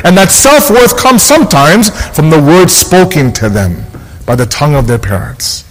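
A man's voice: fairly high pitch, sing-song, normal speed. A man preaching a sermon as an imam, earnest and emphatic, hammering his points home by repeating key phrases. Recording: long hall reverb.

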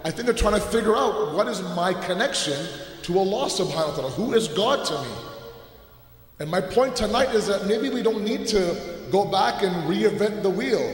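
A man with a loud, booming voice gives an earnest, animated sermon with humorous asides, his mic held away from his mouth. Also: moderate pace. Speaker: religious lecturer. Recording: echoey hall with long reverb.

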